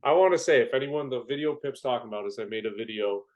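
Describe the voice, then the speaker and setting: A man's voice: medium pitch, fast talker, a little mellow, lo-fi sound. A young man, a firefighter guest on a podcast, telling jokey stories and acting out quotes. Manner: joking storyteller, acts out quotes. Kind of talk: casual conversation.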